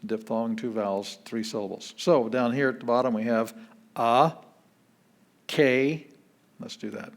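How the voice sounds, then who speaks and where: Man, pastor, classroom teaching, relaxed, chatty, sounds out words slowly. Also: medium pitch.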